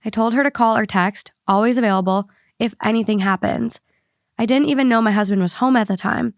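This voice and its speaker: A woman's voice: on the high side, brisk, creaky, dry recording, studio quality. A young adult woman hosting a casual podcast, chatting and reading posts aloud steadily. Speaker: podcast host.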